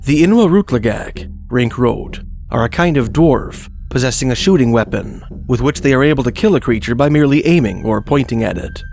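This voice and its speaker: A man narrates folklore history in a steady, scripted manner, his voice gravelly with fry. His pitch sits in the middle range. Faint music plays beneath him. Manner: measured, reads quoted historical passages.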